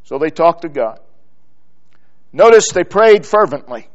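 Slow-speaking, high-voiced preacher. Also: male voice, animated, highs cut off. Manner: builds from quiet, drawn-out phrases to loud, emphatic repetition. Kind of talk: sermon. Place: church.

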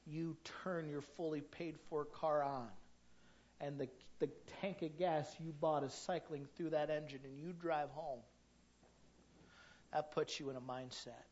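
A pastor preaches in a folksy storytelling style, leaning into colloquial asides. His voice sits a touch higher than most men's. The recording sounds slightly dull and muffled. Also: fairly even intonation, measured pace, darkish tone. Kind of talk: sermon.

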